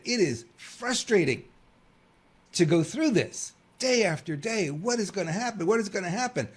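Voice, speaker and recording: A man's voice: on the high side, husky. A man in his fifties from New York hosting a political commentary show, rambling and conversational with lots of fillers. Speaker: host.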